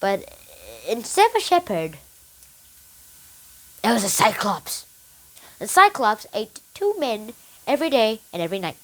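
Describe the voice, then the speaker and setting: Brief: a young reviewer retelling a book, animated and bouncy in pitch. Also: a little slow, pauses often, rough recording. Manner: animated, excited storytelling with restarts. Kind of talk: casual retelling of a story.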